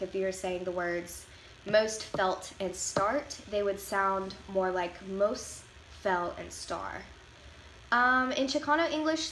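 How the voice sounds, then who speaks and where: A woman reading a prepared class presentation in a careful, explanatory way, slowing down to show how words are said. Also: mid-range voice, a bit bright, echoey room, a little hiss or hum, low-quality recording. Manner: careful, explanatory, slows to demonstrate pronunciations. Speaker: student presenter.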